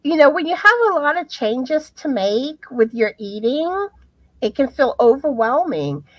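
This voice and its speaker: A woman co-hosting a casual live stream, talking slowly and loosely with plenty of fillers and restarts. Her voice sounds dry and close to the mic. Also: high-pitched, big pitch swings, dry recording. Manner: rambling, many fillers and restarts. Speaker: co-host.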